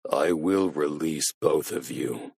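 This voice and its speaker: A man voicing a cold hooded captor who speaks in a low, slow, robotic monotone through a voice changer. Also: vocal fry, slightly rough, no room sound, clean studio sound, full character voice. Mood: cold menace.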